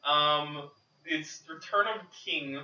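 A man's voice: fairly high pitch, slow pace, sharp tone, roomy sound, recorded from a distance, lo-fi sound. A man in a casual movie review chat, asking playful questions and making jokes.

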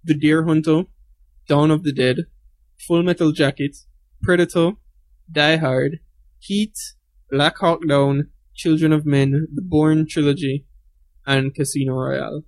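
A man's voice: fairly high pitch, steady tone, unhurried. A man co-hosting a casual film podcast, chatting loosely and repeating words when he gets stuck. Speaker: podcast co-host.

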